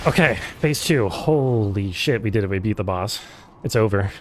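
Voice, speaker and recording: A man's voice: lowish voice, animated, normal speed, a little hiss or hum. A man streaming a game, chatting casually with viewers, sarcastic and swearing freely. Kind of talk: casual live game commentary. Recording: game music playing behind the voice.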